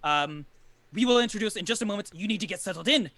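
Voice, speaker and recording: Guy doing a high excited camp traveler, super eager, says everything twice. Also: fast, dry recording, full character voice. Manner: gushing, insistent, repeats himself.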